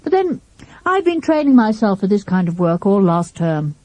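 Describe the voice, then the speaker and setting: A woman's voice: mid-range voice, very animated, moderate pace, darkish tone, natural voice. A woman voicing a boastful schoolboy sleuth. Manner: self-assured, lightly boastful. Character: confident, boastful schoolboy detective. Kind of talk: audiobook character voice.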